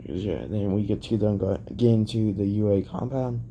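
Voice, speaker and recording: A man improvising a fan-fiction story out loud, rambling and restarting often with lots of filler phrases. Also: fairly low pitch, moderate pace, muffled recording, slight background noise.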